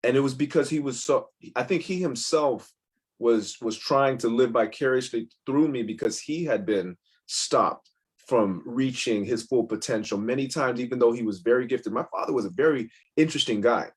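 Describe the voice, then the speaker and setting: A man with a middle-pitched voice tells personal stories as an interview guest. He speaks candidly and rambles, circling back with restarts before landing his points. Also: normal speed, breathy edge. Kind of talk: casual interview storytelling.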